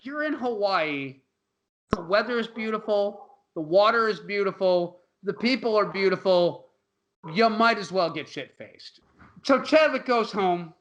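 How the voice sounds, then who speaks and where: Male podcast co-host with a high, bright voice, loose and profane while recapping films. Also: lively intonation, unhurried, muffled recording. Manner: loose, profane, laughing storyteller. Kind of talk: casual movie-recap chat.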